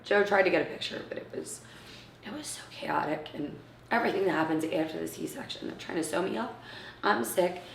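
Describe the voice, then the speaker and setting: A woman in her thirties telling an emotional personal story in an interview, acting out what others said and often dropping to a hushed near-whisper. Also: on the low side, brisk, creaky, a little hiss or hum. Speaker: interviewee, mother of premature twins. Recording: roomy, from a distance.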